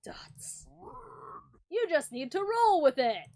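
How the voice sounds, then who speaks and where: A young adult woman streamer reads game text aloud in a very high voice at a slow pace. Her reactions are casual, excitable, profane and mock-indignant.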